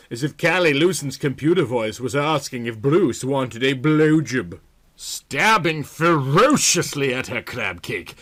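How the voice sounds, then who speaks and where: A man's voice: mid-range voice, bright, forceful tone. A man giving a comedic reading of a novel, with a dry, mock-serious delivery. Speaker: reader.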